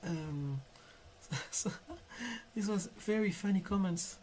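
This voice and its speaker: French-accented man, gentle unhurried streamer who stumbles on words now and then, faint hum behind. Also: high-pitched. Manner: soft, calm and careful, stutters at times. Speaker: digital artist live-streaming. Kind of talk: casual live-stream chat while drawing.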